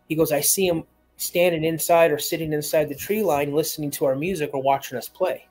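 A man's voice: on the high side, fairly even intonation, brisk, a little mellow, soft background music. A man calling in to a show, telling a long personal story in a rambling way, repeating words and acting out the voices of people he quotes. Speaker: caller.

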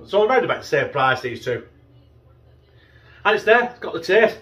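A man's voice: high-pitched, very animated, normal speed, pushed and bright. A middle-aged man with a northern English accent reviewing a frozen pizza in a casual vlog, chatty and swearing freely, sometimes talking with his mouth full. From northern England. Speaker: food review vlogger.

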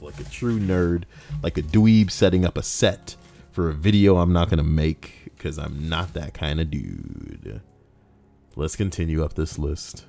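A man's voice: low-pitched, creaky, a little mellow. A young man casually reading out forum posts, rambling and sarcastic, with frequent swearing. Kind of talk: casual reaction commentary.

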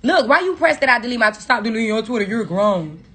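A woman's voice: fairly high pitch, lively intonation, very fast, pushed and bright. A woman on a phone livestream, delivering a profane, confrontational scolding rant at her viewers. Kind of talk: angry rant on a social media livestream.

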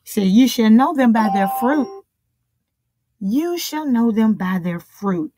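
A woman's voice: fairly high pitch, lively intonation, slow pace, warm tone, no room sound. A woman preaching a sermon in an emphatic, repetitive style, drawing out key phrases.

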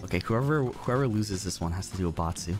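A man streaming a video game, chatting casually and excitably, swearing and bursting into shouts. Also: sits low, quick pace. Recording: game music underneath.

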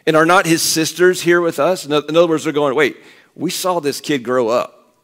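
A middle-aged man preaching a sermon as pastor, conversational and animated, acting out quoted voices. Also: a little high, fairly quick.

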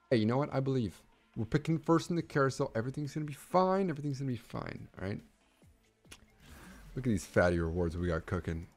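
Animated young male game streamer. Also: mid-range voice. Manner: swings from muttering to excited yelling. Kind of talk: casual game commentary.

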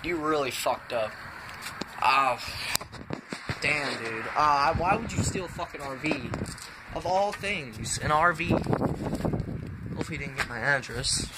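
Young guy with a cracking voice swearing and going dude constantly, kinda high voice, noisy background. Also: animated, slow pace, pauses often. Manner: exasperated, swears a lot, says dude constantly. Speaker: vlogger. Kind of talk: casual vlog rant. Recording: noisy home-made recording.

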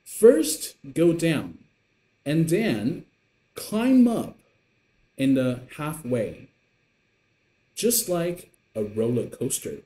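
A man's voice: big pitch swings, dark tone. A man teaching a beginner Mandarin lesson in English, patient and encouraging, showing the tones with his voice. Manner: slow, patient, pitch swinging up and down to show tones. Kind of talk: online language lesson. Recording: echoey room.

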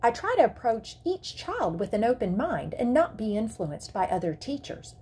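A woman's voice: a little high, sing-song, moderate pace, warm tone, husky, full character voice. A woman voicing a condescending schoolteacher in a prim, professional tone while reading a story aloud. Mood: defensive. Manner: superior, professional teacher tone.

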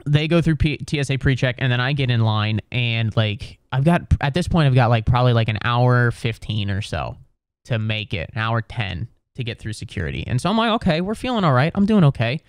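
An American man, a young adult comedian, telling a profane comic story in an animated way, full of filler words. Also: medium pitch, a little fast, smooth, no room sound, studio quality. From United States. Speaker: comedian podcast host.

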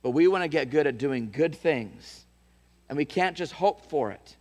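A man's voice: fairly high pitch, lively intonation, moderate pace, a little mellow. Preacher man with a long hall echo. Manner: storytelling, repeats words and restarts, rises to emphatic calls. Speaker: pastor. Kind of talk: sermon. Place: church.

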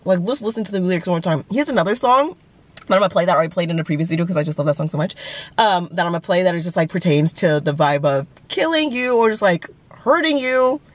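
A woman's voice: fairly high pitch, no echo. Gushing, giggly young woman. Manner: gushing, giggly, filler-heavy. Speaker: music vlogger. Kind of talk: casual chat.

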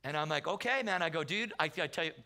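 Socal pastor guy preaching, chatty story sermon, high bright voice. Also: quick pace. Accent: Southern Californian. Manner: energetic, conversational, acts out quotes in loud bursts. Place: church sanctuary.

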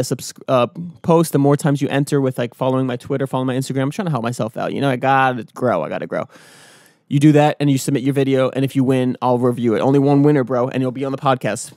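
An energetic man hosting his own daily vlog. He rambles from thought to thought and keeps slipping into motivational pep talk. His voice sits in a middle pitch and sounds dry and close. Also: dry recording. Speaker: vlogger and podcast host. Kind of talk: casual solo vlog talk. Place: outdoors early in the morning.

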